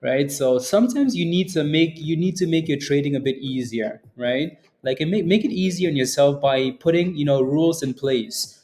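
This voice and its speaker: A man's voice: fairly high pitch, normal speed, few pauses, a little mellow. A man hosting a live stock trading stream in casual commentary, rambling, repeating words and tagging lines with "right?". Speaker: stock trading livestream host.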